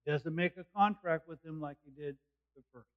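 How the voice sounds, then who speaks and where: A man's voice: on the high side, fairly quick. A man preaching a sermon, explaining a passage verse by verse in plain, conversational words. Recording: dull lo-fi recording.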